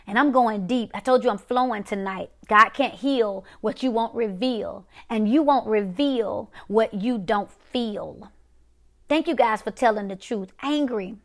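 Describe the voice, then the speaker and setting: A middle-aged woman preacher delivering a prophetic sermon, repeating short phrases in a rhythmic call-and-response cadence. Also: a little high.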